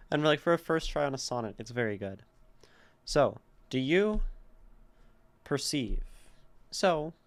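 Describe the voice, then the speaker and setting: Male streamer, poetry teacher: unhurried, deliberate, gravelly, sounds out syllables. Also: mid-range voice. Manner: slow, deliberate reading with gravelly tone; explains meter patiently, sounding out syllables.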